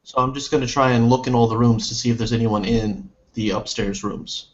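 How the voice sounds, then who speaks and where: A man's voice: medium pitch, steady tone, fairly quick, lo-fi sound. Man playing a tabletop game. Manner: describes actions in first person, corrects himself. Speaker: player.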